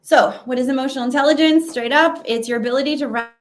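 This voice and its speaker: A woman's voice: sits high, fast. A woman giving a conversational webinar presentation over a video call, with plenty of fillers and restarts. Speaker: webinar speaker. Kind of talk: virtual presentation talk.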